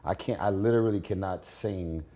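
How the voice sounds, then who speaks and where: A man with a raspy voice giving blunt, confident opinions in a candid interview at his home. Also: deep voice, moderate pace, mellow. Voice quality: raspy, gravelly voice. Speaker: interview guest, singer.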